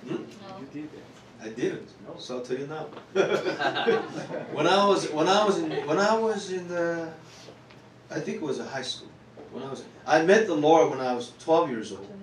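A pastor with a Korean accent preaches a sermon, earnest and repetitive, his fairly high voice swelling into loud exclamations. The sound is roomy and caught from a distance in the hall. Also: animated, a little slow, crowd noise.

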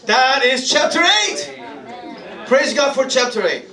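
High-voiced playful preacher in an echoey hall. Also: male voice, lively intonation, takes it slowly. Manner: playful, teasing, laughs often, calls for responses. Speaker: pastor leading Bible study. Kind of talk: interactive sermon with congregation. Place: church hall with congregation. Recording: echoey room, from far off, crowd.

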